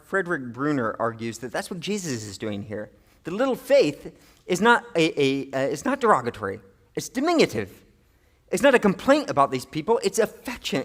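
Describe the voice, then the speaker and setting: Middle-aged pastor guy preaching, high voice, chatty and lively, jokes around. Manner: animated and conversational, with playful asides. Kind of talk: sermon.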